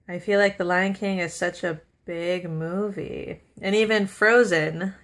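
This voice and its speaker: A woman's voice: fairly low pitch, a bit bright. A young woman vlogger chatting casually to the camera, gushing with enthusiasm, laughing often and stringing ideas together with lots of fillers. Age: young adult. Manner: chatty with many fillers and run-on sentences.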